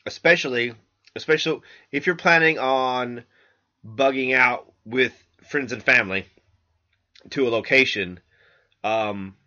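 A man's voice: mid-range voice, pushed and bright. A man hosting a podcast in a loose, rambling monologue, swearing freely and restarting his sentences, recorded on a laptop microphone. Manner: rambling, loose and profane, with many fillers and restarts. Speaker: podcast host. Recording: dull lo-fi laptop mic.

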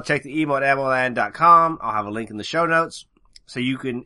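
A man's voice: medium pitch, lively intonation, brisk, bright, forceful tone. A man co-hosting a podcast, reading gun news in casual chat with sarcastic, joking asides. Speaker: podcast co-host.

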